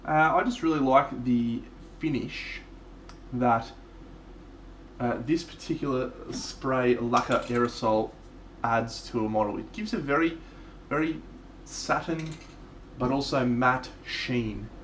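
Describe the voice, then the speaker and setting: A man's voice: mid-range voice, slow pace, a bit bright, slight background noise. A man with an Australian accent, chatting casually and swearing freely while streaming his miniature painting live. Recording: echoey room.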